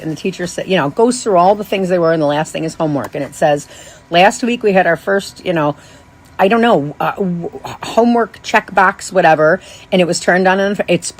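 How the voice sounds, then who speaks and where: A woman in her thirties, a podcast host, telling a rambling, animated story with many restarts and asides. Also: lowish voice. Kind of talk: casual storytelling monologue.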